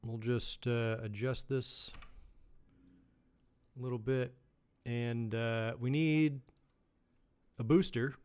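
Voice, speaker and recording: Slow-talking man streaming a game. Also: mid-range voice, fairly even intonation, clear, resonant tone. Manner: thinks aloud, chats with viewers, bursts into loud mock shouting. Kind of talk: casual live-stream gameplay commentary.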